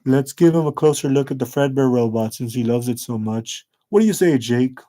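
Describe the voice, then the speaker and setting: A man's voice: mid-range voice, brisk, mellow, lightly acted. A man voicing a scheming teenage boy bully with a sly, plotting manner.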